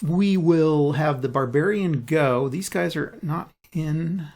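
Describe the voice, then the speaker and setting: Here a fairly high, slightly mellow male voice takes his time narrating a solo board game session for his channel. Dice rolls and piece moves come with his unhurried out-loud thinking.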